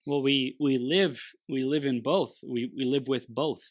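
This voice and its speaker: A man's voice: medium pitch, fairly even intonation, a little slow. A man, the host of a conversation, thinking aloud in a searching way and often restarting his phrases. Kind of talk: reflective conversation.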